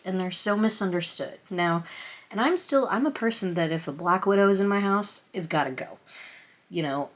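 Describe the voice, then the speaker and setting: A woman unboxing a tarot deck on camera at her table, excited, flustered and emotional, rambling with restarts. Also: medium pitch. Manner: emotional, close to tears. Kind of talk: casual chatty unboxing. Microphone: camera on a stand at a table.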